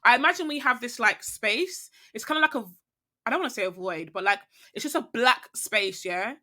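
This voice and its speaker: A woman's voice: a little high, lively intonation, a little fast, bright, forceful tone. A young woman who is a podcast guest, talking reflectively and rambling, often checking in with the listener. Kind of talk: reflective casual conversation.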